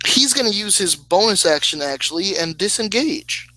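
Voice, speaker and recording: A man narrating as game master of a tabletop game, speaking slowly with hesitant fillers and laughing at his own slips. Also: high-pitched, expressive, pushed and bright, no echo, low-quality recording. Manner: slow, hesitant, laughs at himself.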